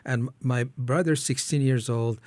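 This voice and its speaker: Middle-aged Iranian-born guest, earnest halting testimony, mid-pitched voice, dry close studio sound. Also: male voice, fairly even intonation, a little mellow, dry recording. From Iran. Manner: halting, earnest, acts out his own prayers with rising pitch. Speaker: ministry founder, guest. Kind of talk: personal testimony in an interview.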